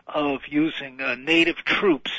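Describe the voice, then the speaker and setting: A man's voice: on the high side, sing-song, a little slow, creaky, bright, forceful tone, dry recording. A man on a radio talk show, explaining foreign affairs in a wry, lecturing way with many fillers. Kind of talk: radio discussion. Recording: dull band-limited radio audio.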